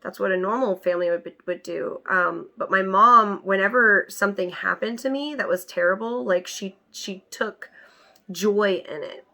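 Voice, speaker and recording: A young adult woman vlogger telling her life story candidly, with emphatic, animated retelling. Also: mid-range voice, normal speed, creaky. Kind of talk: personal storytelling to camera.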